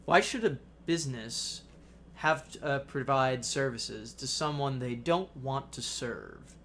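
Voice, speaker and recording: A man voicing a skeptical older gentleman who asks argumentative questions. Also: mid-range voice, takes it slowly, a little hiss or hum. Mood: challenging.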